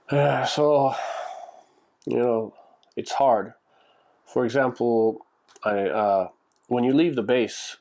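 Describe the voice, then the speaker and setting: With a warm, lowish voice, a man in Japan narrates stories for his vlog. He talks casually and rambles, restarting often and leaning heavily on "like."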